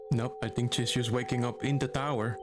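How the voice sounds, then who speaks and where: A man streaming a video game live, chatty and exclamatory, swearing when surprised. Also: mid-range voice. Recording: clear background music.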